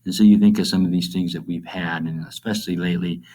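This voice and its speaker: A middle-aged male teacher giving a recorded literature lesson, reading verse slowly and then explaining it in plain, casual terms, often checking in with "okay?". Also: low voice, steady tone, warm tone.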